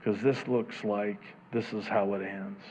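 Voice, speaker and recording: A male pastor preaching a conversational sermon, swinging between loud emphatic peaks and soft low murmurs, chuckling at his own asides. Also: steady tone, a little slow, slight background noise, rough recording.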